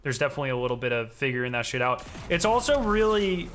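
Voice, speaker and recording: A man's voice: mid-range voice, big pitch swings, fast talker, fairly bright tone, faint music behind. A man from the States, chatting casually on a live stream in a rambling, profane way and talking straight to his chat. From Southern United States.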